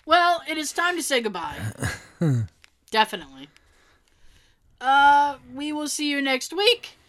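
A woman co-hosting a podcast, telling a funny story in animated casual chat and laughing often. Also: high-pitched, unhurried. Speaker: podcast co-host.

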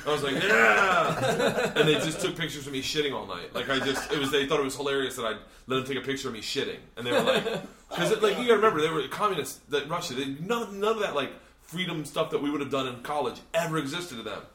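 A man's voice: on the high side, expressive, quick pace, hardly any pauses, fairly bright tone, reverberant. A man telling a long, profane story casually in a hotel room, laughing often and acting out the people he quotes. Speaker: podcast host and comedian.

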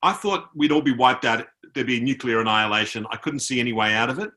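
A man's voice: mid-range voice, fast, sharp tone. An Australian man, an author, telling an anecdote on a video call and mimicking the people he met. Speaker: author guest. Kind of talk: storytelling in a conversation.

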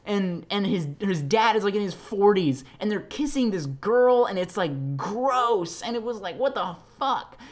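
Podcaster, solo monologue: casual, filler-heavy, animated storyteller who slips into quoted voices. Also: a little slow, few pauses. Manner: shifts between excited high bursts and low, quiet asides. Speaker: podcast host, actor.

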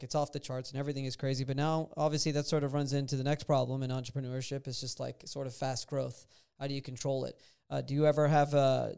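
A man's voice: mid-range voice, creaky, a little mellow, clear, resonant tone. A podcast host in casual conversation, blunt and swearing freely as he asks questions.

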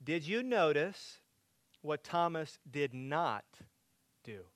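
A man preaching a sermon to a congregation, asking them direct questions and building from quiet teaching to loud, emphatic preaching. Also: fairly high pitch, animated, takes it slowly, dry recording. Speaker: pastor.

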